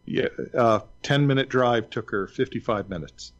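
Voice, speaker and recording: A man's voice: medium pitch, moderate pace, muffled recording. A man telling a story in casual chat, hesitant with fillers and wry.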